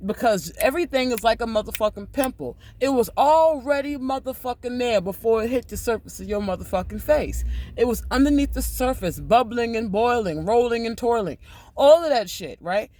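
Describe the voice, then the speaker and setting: A man hosting a casual livestream, talking loudly and emphatically with lots of swearing. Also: extremely high pitch, expressive, normal speed. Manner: loud, profane, emphatic. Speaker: livestream host.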